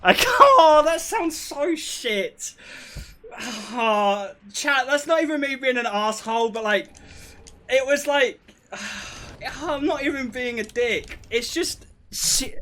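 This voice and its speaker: A young man spins casual stories for his chat in a high, bouncy voice that leaps up and down. He laughs often and pokes fun at himself as he goes. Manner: animated, laughs often, self-deprecating. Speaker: streamer. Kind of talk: casual storytelling to a live chat.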